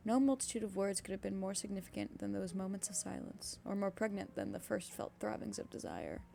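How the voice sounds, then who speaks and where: A woman's voice: mid-range voice, very animated, a little fast, creaky, warm tone, a little hiss or hum. A young woman streaming herself reading a classic novel aloud, breaking off into cursing asides. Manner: reads steadily with sudden cursing asides.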